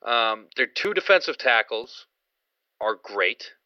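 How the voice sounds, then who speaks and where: Sharp-voiced man on a dry podcast mic. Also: mid-range voice, very animated, takes it slowly, dry recording. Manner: easygoing, hedging with "I mean". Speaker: podcast co-host. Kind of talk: casual sports podcast chat. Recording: dry, dull lo-fi podcast audio.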